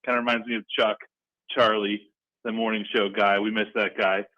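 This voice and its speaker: A man calling in to a sports radio show, talking in an energetic, excitable and rambling way. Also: fairly low pitch, normal speed. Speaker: regular caller. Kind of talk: casual sports talk radio call. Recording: dull lo-fi phone line.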